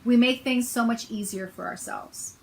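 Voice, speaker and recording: A woman's voice: fairly high pitch, normal speed, creaky, slight background noise, rough recording. A middle-aged woman talking casually to her viewers, telling a personal story in a chatty way with a sarcastic edge. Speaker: self-help author and host.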